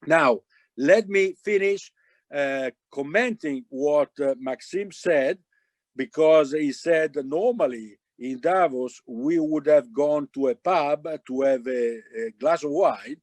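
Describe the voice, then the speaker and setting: A man gives spontaneous remarks at an online summit over a video call. His voice sits a little high and sounds dry and close, and he pauses and restarts often as he searches for words. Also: no echo. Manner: hesitant, many fillers and restarts. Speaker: summit speaker. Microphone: video call microphone.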